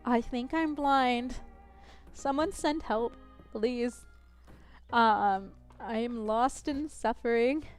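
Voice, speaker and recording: A woman's voice: a little high, takes it slowly, clean tone, faint music behind. A woman in her twenties chatting casually while playing a game, rambling, counting aloud and poking fun at herself. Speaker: gaming streamer.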